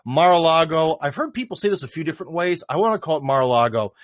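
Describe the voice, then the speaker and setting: A man's voice: sits high, expressive, very fast, no echo. A man hosting a casual livestream, talking off the cuff in a rambling way with plenty of "uh" and "anyways". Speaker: livestream host.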